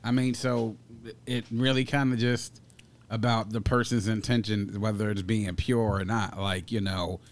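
A man's voice: fairly low pitch, level tone, moderate pace. A man co-hosting a podcast, casually thinking aloud about friendship with fillers and asides. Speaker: podcast co-host. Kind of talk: casual chat.

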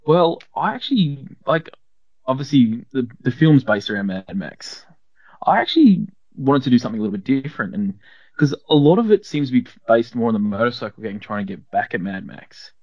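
A man's voice: medium pitch, sing-song, brisk, no room sound, muffled recording. A man appearing as a podcast guest, speaking in rambling, hesitant casual chat full of restarts.

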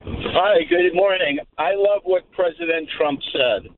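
A male caller with a fairly high voice argues his point earnestly. The sound is thin and tinny, like a phone line. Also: slow.

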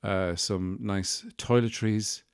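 Low-voiced man, rambling and wry. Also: steady tone, slow, vocal fry, clean tone, dry recording, clean studio sound. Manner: rambling, wry, self-deprecating asides. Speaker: podcast host. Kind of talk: casual monologue.

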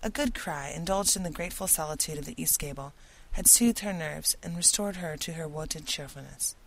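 A woman reading a classic novel aloud in steady, clear storytelling narration. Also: low voice, normal speed, slight background noise, poor audio. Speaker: audiobook narrator. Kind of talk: scripted narration.

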